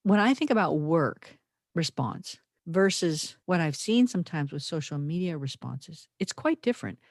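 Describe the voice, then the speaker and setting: Earnest woman podcaster, low and dry. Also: expressive, moderate pace, no echo. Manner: earnest, thoughtful, emphatic. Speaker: podcast co-host. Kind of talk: reflective podcast conversation.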